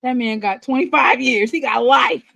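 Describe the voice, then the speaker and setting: A woman's voice: sits high, normal speed, creaky, very noisy. A woman hosting a casual sports talk show late at night, laughing hard, apologizing and teasing. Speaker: show host. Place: home studio, late at night.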